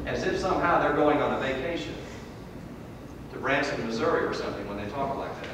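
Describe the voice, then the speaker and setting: Emphatic preacher in an echoey hall. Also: male voice, lively intonation, fairly quick, far from the mic, background noise. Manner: rises to emphatic peaks then drops low and quiet. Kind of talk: sermon. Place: church hall.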